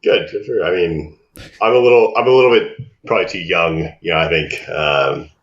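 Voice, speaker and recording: Dry, deadpan low-voiced man. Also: a little fast, lo-fi sound. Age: 30s. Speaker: podcast co-host. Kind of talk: casual podcast chat.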